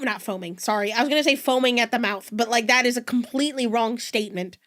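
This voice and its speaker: A woman streamer chatting casually with viewers, excitable and theatrical, swearing freely. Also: a little high, quick pace, few pauses. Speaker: streamer reacting to videos. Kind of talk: casual live-stream chat.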